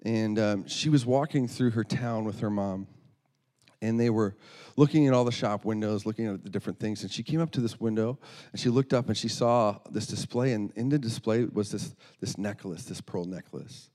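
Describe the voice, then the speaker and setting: A man's voice: lowish voice, normal speed, warm tone. A man preaching through a story, earnest, often restarting and repeating words. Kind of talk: storytelling sermon.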